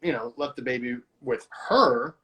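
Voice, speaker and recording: A man hosting a podcast conversation, talking in a halting way with many restarts and self-corrections. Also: mid-range voice, expressive, bright, forceful tone. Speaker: host.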